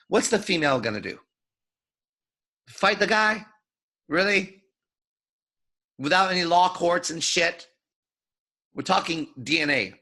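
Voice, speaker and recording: A man's voice: a little high, sharp tone. A man giving a live lecture as a seduction coach, profane and playful, acting out his examples.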